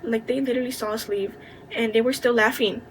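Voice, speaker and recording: A young woman telling a college story in a candid, indignant way, with plenty of swearing and quick asides. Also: fairly high pitch, fairly even intonation, a little hiss or hum, low-quality recording. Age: young adult. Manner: indignant, venting. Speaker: vlogger. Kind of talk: casual storytime chat.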